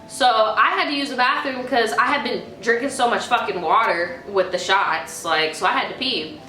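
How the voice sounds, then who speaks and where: A young woman with a high, bright voice tells a story in a casual, animated way, swearing freely. The room is echoey with faint music behind her. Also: moderate pace. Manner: profane, animated. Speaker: vlogger.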